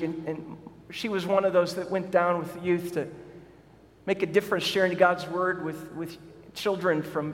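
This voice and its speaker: A middle-aged man preaching a sermon as pastor, earnest and often repeating words as he starts sentences. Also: high-pitched. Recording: long hall reverb.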